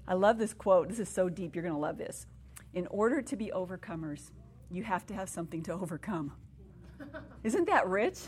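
A middle-aged woman speaking to a women's gathering, telling stories in a chatty, animated way and laughing at her own anecdotes. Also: medium pitch, a little hiss or hum. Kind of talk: sermon.

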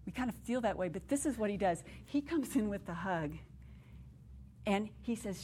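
A woman in her fifties giving a sermon to women, telling self-deprecating stories with lively laughter. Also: medium pitch, moderate pace, a little hiss or hum. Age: 50s. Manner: animated storyteller, self-deprecating humor, laughs while speaking. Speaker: women's ministry speaker.

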